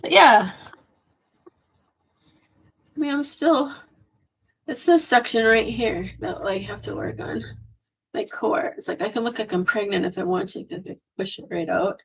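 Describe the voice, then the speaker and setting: A hoarse woman who is losing her voice, chatting in a scattered, rambling way on a live stream and swearing freely. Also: medium pitch, unhurried, long pauses.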